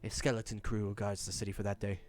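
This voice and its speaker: A man's voice: lowish voice, flat delivery, fast, soft background music, pitched below the performer's own voice, lightly acted. A man voicing a polite, dutiful male town guard who talks hesitantly, with many fillers and restarts. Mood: earnest.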